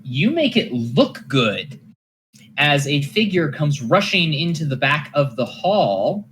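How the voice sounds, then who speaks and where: A game master narrating a tabletop session in a lively way and laughing easily. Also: medium pitch, slow pace, slight background noise.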